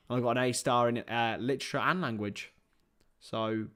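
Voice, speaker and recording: A young man hosting a live football watchalong, joking with banter between bursts of excited play-by-play calls. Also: mid-range voice, moderate pace. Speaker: host.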